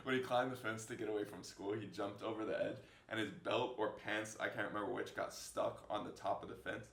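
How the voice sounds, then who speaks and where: In a roomy-sounding indoor space with a fill light, a young man in his twenties jokes his way through fan questions for a casual vlog, rambling and laughing at himself as he tells funny stories. His delivery is brisk and fairly even, with a fairly low, slightly bright voice and vocal fry.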